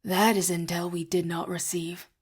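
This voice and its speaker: A woman voicing a tough, teasing woman fighter who talks in a brisk, dry way. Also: lowish voice, level tone, breathy edge. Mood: wry.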